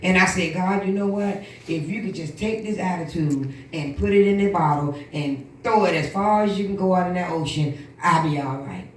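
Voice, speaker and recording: A woman minister giving an animated church testimony, acting out the voices of the people in her story. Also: lowish voice, moderate pace, hardly any pauses, a little hiss or hum. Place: church hall. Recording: echoey room from far off.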